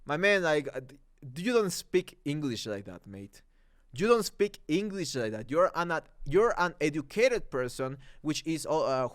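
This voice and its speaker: A man from Mexico whose first language is Spanish speaks English with a Mexican Spanish accent, ranting through a heated, sarcastic movie commentary. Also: a little high. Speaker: commentary YouTuber.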